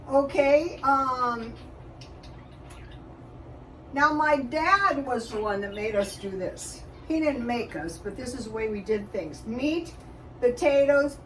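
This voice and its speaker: A high-voiced older woman rambles slowly through her kitchen routine, stopping often with ums and restarts. She sounds set back from the microphone, with a faint hiss underneath. The tone is a casual home vlog. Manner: rambling, chatty, frequent fillers and restarts. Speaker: YouTube vlogger. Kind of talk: casual cooking and budget chat. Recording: distant mic with faint background noise.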